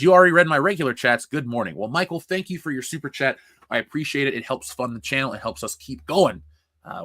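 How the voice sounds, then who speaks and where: A man's voice: mid-range voice, bright, forceful tone, no echo, studio quality. A man hosting a casual livestream, reading chat and ranting bluntly with profanity. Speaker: livestream host.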